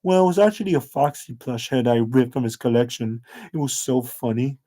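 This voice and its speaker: A man's voice: mid-range voice, lively intonation, a little fast, mellow, lightly acted. A man voicing a cocky, mean teenage boy who talks in a snide, dismissive way.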